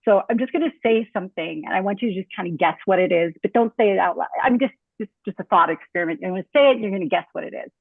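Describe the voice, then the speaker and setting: A woman's voice: mid-range voice, racing, vocal fry, few pauses, husky, no room sound. Woman panelist on a video call, casual explainer with fillers, dry tinny line. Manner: conversational, many fillers, acts out spoken examples. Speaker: panelist speaking as a designer. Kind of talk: online talk on speech design. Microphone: computer mic on a video call.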